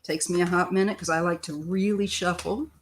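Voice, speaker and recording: An older woman from Missouri, a tarot reader chatting loosely through a live-stream reading, clearing her throat often. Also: on the low side, fairly even intonation, a little fast, a little hiss or hum.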